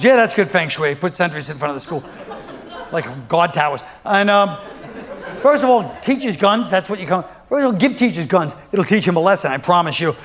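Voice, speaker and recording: High-voiced profane stand-up comedian. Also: male voice, fairly bright tone. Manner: rambling, profane, sardonic riffing with acted-out quotes.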